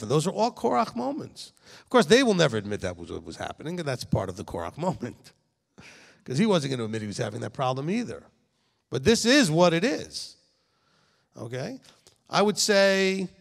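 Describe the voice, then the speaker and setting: A man's voice: on the high side, gravelly. A middle-aged man, the rabbi who founded the congregation, giving a conversational sermon in an emphatic manner, often checking in with listeners. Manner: animated, emphatic, speaks directly to listeners with frequent "okay?". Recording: long reverb in a hall.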